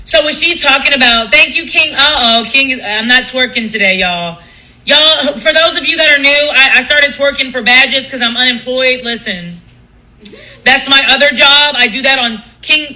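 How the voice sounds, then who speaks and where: A man's voice: extremely high pitch, normal speed, sharp tone, poor audio. A man hosting a livestream, ranting casually in a blunt, profane, gossipy way. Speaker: livestream host.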